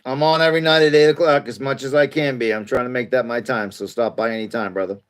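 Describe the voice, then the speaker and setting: A man's voice: mid-range voice, steady tone, quick pace. A man casually chatting on his evening live stream, greeting viewers by name and rambling between topics.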